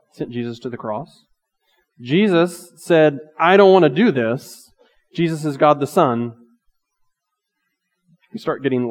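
A pastor delivering a sermon, reading scripture slowly and shifting between loud emphatic lines and hushed asides. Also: male voice, fairly high pitch. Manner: reads scripture aloud slowly and earnestly. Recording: long reverb of a large hall.

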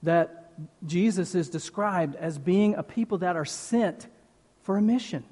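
A man preaching a sermon as pastor, slow and emphatic, leaning on repeated phrases. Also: high voice, a little mellow. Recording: long reverb of a large hall.

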